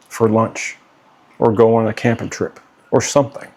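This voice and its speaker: A fairly low, level voice with a slightly mellow quality, at normal speed. The speaker is a middle-aged father making a personal vlog straight to camera for his children; he pleads earnestly, keeps asking "okay?", and is getting hot and bothered.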